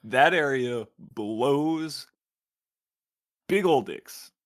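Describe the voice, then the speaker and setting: A man's voice: medium pitch, animated, very slow, dry recording, studio quality. A man co-hosting a podcast, complaining bluntly and emphatically in casual chat. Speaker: podcast co-host.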